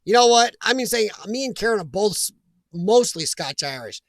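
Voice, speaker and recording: Chatty high-voiced American man streaming. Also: lively intonation, normal speed, vocal fry, no echo, clean studio sound. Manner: rambling, chatty, reads chat aloud. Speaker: live stream host. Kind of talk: casual live chat.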